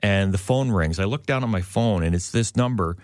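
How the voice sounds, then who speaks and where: A man telling an anecdote in casual chat, animated and jumping into high-pitched quotes. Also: a little fast, no echo, clean studio sound.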